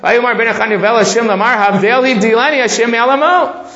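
A man teaching a Torah class, reading Hebrew passages aloud and explaining them in English, getting excited over the text. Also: very high-pitched, fast, reverberant, dull audio.

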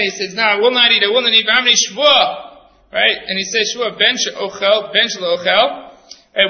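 Man teaching Talmud, high voice, echoey room. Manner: explains each term step by step, with frequent "right?" asides. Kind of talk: Talmud study lesson. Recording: echoey room, dull lo-fi sound.

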